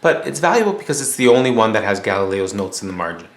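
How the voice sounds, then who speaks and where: A male teacher with a lowish voice races through a storytelling lecture, very animated and fast. He explains casually with fillers and restarts, and the room is echoey with a faint hum.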